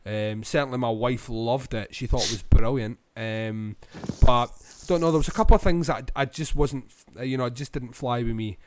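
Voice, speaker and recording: A Scottish man co-hosting a podcast, giving a rambling film review full of ums and pauses. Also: mid-range voice, noisy background. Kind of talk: casual film review chat.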